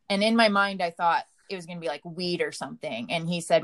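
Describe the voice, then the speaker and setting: Emotional woman, low voice. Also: fairly even intonation, quick pace, few pauses, a bit bright. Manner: emotional, frequent "like" fillers, quotes herself. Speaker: partner of a recovering addict, guest. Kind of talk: casual conversational storytelling.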